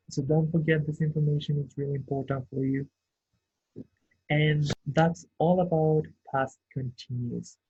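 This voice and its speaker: A man's voice: mid-range voice, gravelly, breathy edge. A man teaching an English grammar lesson, explaining patiently step by step and checking in with his listeners. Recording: tinny phone-like sound.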